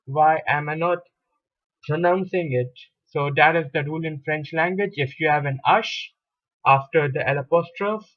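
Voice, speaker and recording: A man gives a French grammar lesson at a very slow, measured pace, repeating key words and pausing often to gather his thoughts. His voice sits somewhat high for a man. The recording is dull and lo-fi. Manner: deliberate, hesitant with fillers and repetitions. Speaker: French teacher. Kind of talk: slow lecture explaining grammar at a board.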